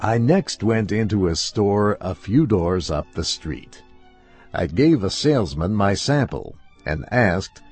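Male narrator, low breathy voice, very animated pitch, unhurried storybook reading. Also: faint music behind. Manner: slow, expressive first-person narration.

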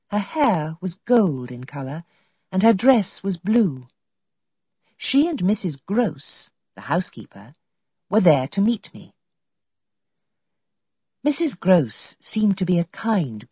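A woman narrating a storybook in a clear, measured reading voice. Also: fairly low pitch, darkish tone, dry recording. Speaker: audiobook narrator. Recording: dull lo-fi audio.

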